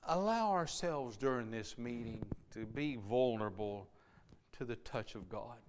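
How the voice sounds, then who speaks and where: A man preaching a sermon, swinging between fervent pleading and soft, hushed asides. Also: mid-range voice, animated, unhurried, a little hiss or hum.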